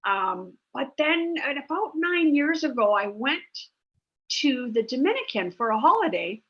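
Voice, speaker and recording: A woman's voice: high voice, big pitch swings, measured pace. A woman, telling a rambling story about rescuing dogs in a chatty, casual way with many fillers. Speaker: dog rescue founder, guest. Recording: dull lo-fi sound.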